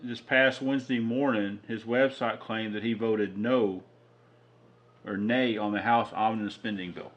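A man's voice: on the low side, steady tone, a little slow, highs cut off. Matter-of-fact man podcast co-host. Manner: dry, matter-of-fact, reads out news items. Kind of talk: casual chat.

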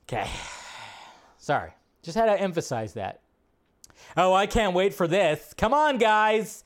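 A man's voice: sits high, very animated, a little slow. A man hosting a live movie news stream, talking casually and with enthusiasm, often riffing by repeating words.

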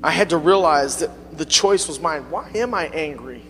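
Male pastor, high voice, fervent call-and-response preaching; church hall reverb, faint hum. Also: animated, moderate pace, a bit bright, faint music behind. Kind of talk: sermon. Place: church sanctuary.

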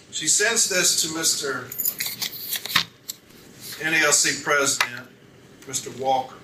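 With long pauses and a moderate pace, a medium-pitched man questions a witness methodically as a union advocate at an arbitration hearing. He reads documents aloud and corrects page numbers, and the recording has echo, a distant mic and background noise.

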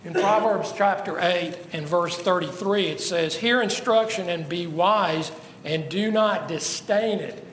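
A man with a high voice preaches in a slow, deliberate way, asking his listeners rhetorical questions and pressing home each point. His voice rings in an echoey room with a faint hum of ambience behind it. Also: fairly bright tone. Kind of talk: sermon.

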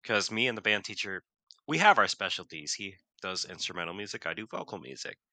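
A male vocal music teacher chats casually on a podcast in a lowish, slightly fast voice with no echo. He rambles through animated stories full of fillers and laughter.

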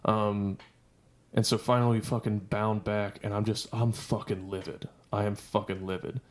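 On a podcast, a male guest with a lowish voice and little pitch movement tells a heated army story at a moderate pace. It's casual storytelling, full of constant swearing and ranting.

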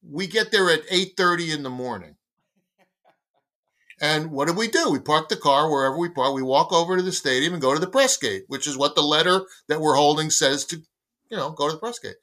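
An older man in his sixties with a bright, forceful voice that sits a little high for a man. He tells a story as a podcast guest and slips into the other people's lines as he goes. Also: a little fast. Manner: lively storyteller acting out dialogue. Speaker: guest, baseball magazine editor. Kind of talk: storytelling anecdote in conversation.

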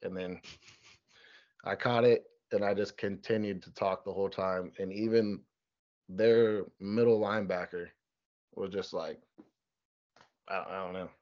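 A young man in his twenties, a college football player, telling stories in a relaxed, chatty interview. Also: low-pitched, measured pace, long pauses. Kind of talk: casual interview. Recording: dull lo-fi sound.

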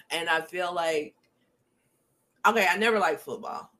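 A woman's voice: fairly low pitch, slow pace, fairly bright tone. A woman hosting a casual podcast, speaking frankly with many ums and frequent laughter. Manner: chatty, frank, laughs often, filler ums. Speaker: podcast host. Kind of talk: casual chat.

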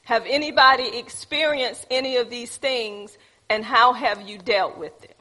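Bright husky woman teaching church. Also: fairly high pitch, unhurried. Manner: preachy, calls on the audience. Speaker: church teacher leading a group. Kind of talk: teaching talk with congregation.

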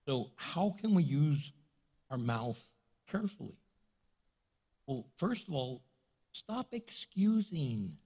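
Husky-voiced guy preaching in church, kinda high voice, jokes around and hammers his points. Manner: animated, joking, repeats points for emphasis. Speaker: pastor. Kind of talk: sermon.

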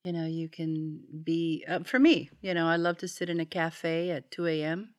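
Low reflective woman. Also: moderate pace, clear, resonant tone. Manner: reflective, thoughtful. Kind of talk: casual chat.

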